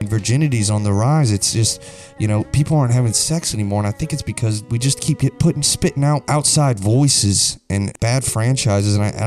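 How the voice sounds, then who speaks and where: A man's voice: fairly low pitch, a little mellow. A young man hosting a comedic video, ranting in a rambling, crude, mock-serious way. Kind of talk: deadpan comedic rant.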